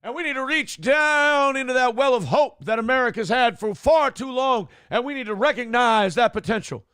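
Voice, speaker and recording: A man's voice: very high-pitched, animated, moderate pace, fairly bright tone, clear, resonant tone, no echo, clean studio sound, voice pushed up. A man imitating a rousing, preacher-style male politician with a rising oratorical cadence.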